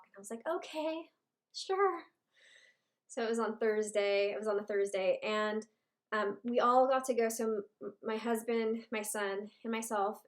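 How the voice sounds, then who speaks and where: Woman in her thirties, halting and heartfelt. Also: medium pitch. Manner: halting and heartfelt, with many pauses and restarts. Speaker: vlogger. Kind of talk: casual personal update.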